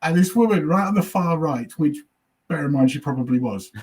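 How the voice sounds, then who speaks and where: A slightly husky man with a higher-than-usual voice tells rambling stand-up stories in easy chat. He swears casually and slips into the voices of people from his audiences. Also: animated, fairly quick, darkish tone. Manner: chatty storyteller, swears, acts out audience voices. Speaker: comedian guest. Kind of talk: casual chat, telling anecdotes.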